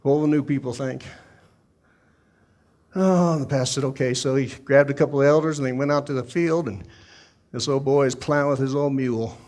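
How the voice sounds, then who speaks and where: A man preaching a sermon, telling a story in an animated way that breaks into shouts. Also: mid-range voice, fast talker. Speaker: pastor.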